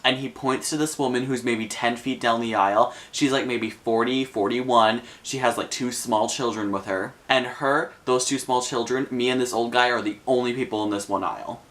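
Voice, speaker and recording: A man's voice: medium pitch, steady tone, moderate pace, few pauses, fairly bright tone. A young man casually recounting a personal story for his vlog, chatty and full of fillers. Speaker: vlogger.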